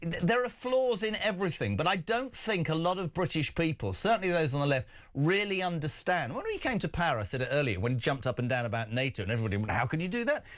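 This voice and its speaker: A man's voice: a little high, lively intonation, quick pace, hardly any pauses. Combative male talk radio presenter. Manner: combative, rousing, addresses co-host directly.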